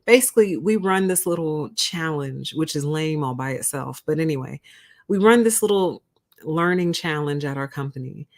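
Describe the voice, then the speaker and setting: A woman's voice: low-pitched, animated, normal speed. A young adult woman hosting a casual livestream, talking bluntly and candidly, laughing often and acting out what she said to others. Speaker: livestream host.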